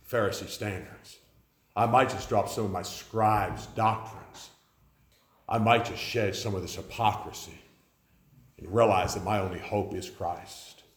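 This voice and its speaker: A preacher in his forties delivers a sermon in a lowish voice, telling stories and putting on the voices of the people in them. The sound is roomy, with the echo of a church hall around him. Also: slight background noise. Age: 40s. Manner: storytelling, acts out quoted voices. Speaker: pastor.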